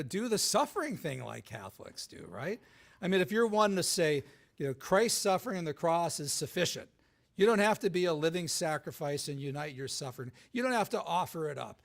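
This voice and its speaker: Male guest speaker at a live event, animated and gravelly, keeps checking in with the crowd. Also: sits high, moderate pace. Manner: animated, many restarts, asks "right?" often. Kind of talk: live talk with audience.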